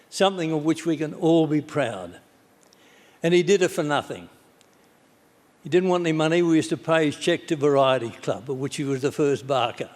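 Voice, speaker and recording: Older Australian man, blunt anecdotal tribute, long hall echo. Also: a little high. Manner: blunt, anecdotal, plain-spoken. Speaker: former minister giving a tribute. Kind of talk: awards tribute speech. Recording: stage speech in a reverberant hall.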